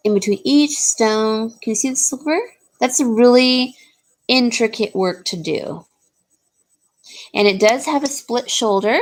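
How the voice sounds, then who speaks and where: A woman casually showing and describing jewelry for sale, rambling with frequent ums and restarts. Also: mid-range voice. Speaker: jewelry seller. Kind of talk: casual jewelry showcase talk.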